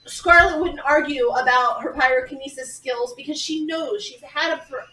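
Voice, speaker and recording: A woman at a tabletop game argues her points in a playful way. Her voice is high and bright, and it sounds distant in an echoey room with faint background hiss. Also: moderate pace. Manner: playful and argumentative. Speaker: player. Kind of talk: casual tabletop game chat.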